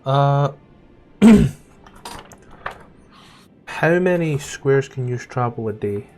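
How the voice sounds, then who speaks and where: A Scottish man narrating and ruling as game master, easygoing, with fillers and throat clearing. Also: medium pitch, expressive, very slow, darkish tone, soft background music.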